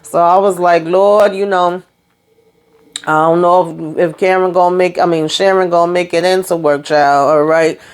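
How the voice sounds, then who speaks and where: A woman's voice: on the low side, steady tone, clean tone. A woman casually recapping a TV episode, chatty and colloquial, with fillers and mild cursing, acting out the characters' lines. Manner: acts out characters' lines in quick voices. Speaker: TV recap vlogger.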